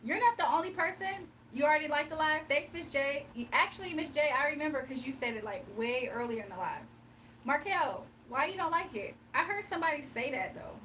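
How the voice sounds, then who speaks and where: A woman's voice: sits high, animated, fairly quick, a bit bright, recorded from a distance, slight background noise. A young woman hosting a casual livestream, reading viewer comments aloud, teasing them and laughing often. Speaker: livestream host.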